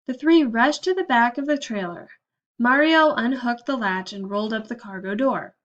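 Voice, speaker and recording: A woman reading a children's storybook aloud with steady, expressive narration. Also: on the high side, normal speed, muffled recording. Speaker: audiobook narrator.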